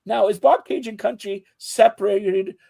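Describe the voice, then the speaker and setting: High-voiced teasing male sports host. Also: a little slow, vocal fry. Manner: teasing, talks over others, animated. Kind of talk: casual panel chat.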